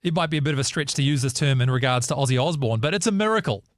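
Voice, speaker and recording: A man's voice: mid-range voice, very fast, no room sound, clean studio sound. A man co-hosting a casual news chat show, joking and bantering. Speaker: radio co-host.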